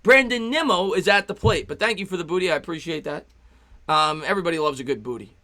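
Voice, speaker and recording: A young man calling a baseball game live on his stream, excitable and chatty, reading viewers' messages between pitches. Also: quick pace. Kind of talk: fan play-by-play commentary on a live stream.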